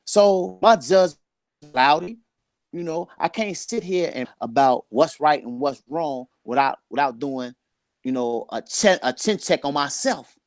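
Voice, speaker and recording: A man's voice: fairly high pitch, expressive, unhurried, no room sound, clean studio sound. A man in his forties talking candidly and earnestly about his life, getting emotional and repeating phrases for emphasis. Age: 40s. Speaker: guest sharing his life story. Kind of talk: candid conversation.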